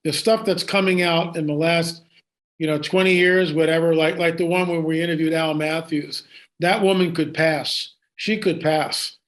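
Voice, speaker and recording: High-voiced man telling a story excitedly. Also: normal speed. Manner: excited, with frequent restarts and asides. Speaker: guest. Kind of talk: animated storytelling in an interview.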